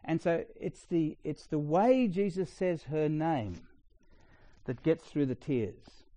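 A man's voice: on the high side, lively intonation, slow pace, warm tone. Chatty Australian man preaching a sermon. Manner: conversational storytelling with asides.

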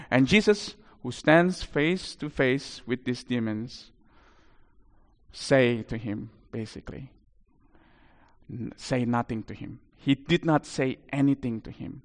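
A man preaching a sermon, telling a story animatedly with big swings in loudness. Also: medium pitch, takes it slowly, big-room sound.

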